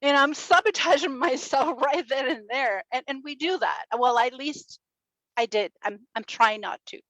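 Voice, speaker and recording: A woman in her forties giving a motivational talk at a summit, telling her story with warmth, laughter and acted-out quotes. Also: high voice, moderate pace, no echo, poor audio. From Chile. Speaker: speaker at a summit, radio and podcast host. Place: stage at a summit.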